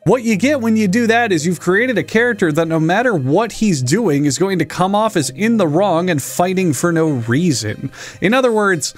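A man's voice: high voice, lively intonation, normal speed, soft background music. Sarcastic, profane man mocking a comic. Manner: voices characters in silly parody. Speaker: comic reviewer. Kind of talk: comedic commentary.

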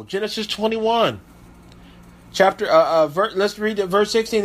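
A man with a high-pitched voice preaching, moving between reading scripture aloud and pointed commentary. He stumbles and repeats himself now and then as he goes. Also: expressive, normal speed. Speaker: pastor.

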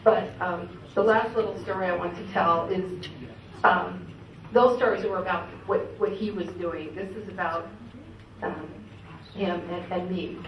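A woman's voice: fairly low pitch, fairly even intonation, measured pace. Woman telling stories in an echoey hall. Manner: chatty, laughing, many fillers. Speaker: memorial speaker. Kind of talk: telling family stories at a memorial. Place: event hall. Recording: echoey hall, distant mic, ambient noise.

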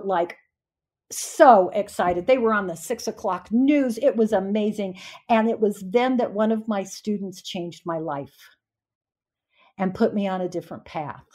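A woman in her sixties, a union leader and former teacher, telling lively stories in a podcast interview and acting out the voices of the people in them. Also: on the high side. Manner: animated storyteller acting out voices.

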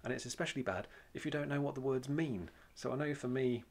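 A man's voice: mid-range voice, quick pace, vocal fry. A man with a Welsh accent giving an informal church talk on prayer, plain-spoken and conversational, with many fillers and repeated phrases for emphasis. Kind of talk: informal sermon teaching.

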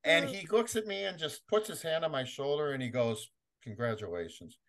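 A man's voice: fairly high pitch, expressive, brisk, a bit bright. A middle-aged man being interviewed, telling a story with energy and often laughing and acting out other people's voices. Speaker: interview guest, comic collector. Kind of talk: animated storytelling.

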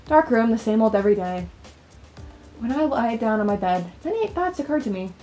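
Woman voicing a worn-out young student, higher voice, game reading. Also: sing-song, brisk, mellow, soft background music. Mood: weary. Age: young adult. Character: overworked young female college student. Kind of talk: reading game dialogue aloud.

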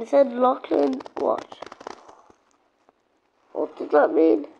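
Female gamer host, high and gravelly, rambling, repetitive, prone to outbursts; muffled low-fi recording. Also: big pitch swings, slow pace, pauses often. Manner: rambling, repeats herself, sudden exclamations. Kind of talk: casual gameplay commentary. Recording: dull lo-fi sound with faint noise.

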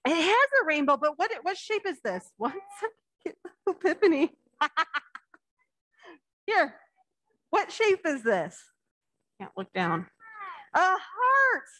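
A woman pastor giving a children's message in church, chatting playfully with the kids and reading a picture book slowly with lively emphasis. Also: high-pitched, no room sound. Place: church sanctuary.

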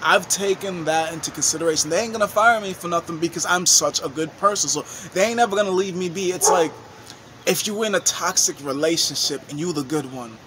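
A young man vlogging, telling a rambling story in a casual, animated way and swearing freely. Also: fairly high pitch, a little fast, noisy background. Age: young adult.

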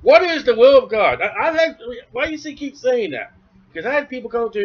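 Male preacher, high voice, animated expository sermon, dull lo-fi church tape. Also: normal speed, pauses often. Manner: animated, acts out imagined voices, asides to the congregation.

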